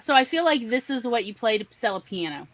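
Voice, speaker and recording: A woman hosting a casual live-stream chat, bubbly and exclamatory and quick to laugh. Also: on the high side, sing-song. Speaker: podcast host.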